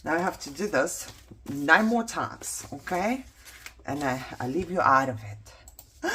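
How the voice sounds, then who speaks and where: Slow-talking woman chatting while crafting. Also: low-pitched, animated, pushed and bright, slight background noise. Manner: chatty, self-mocking, talks to herself while working. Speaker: craft vlogger.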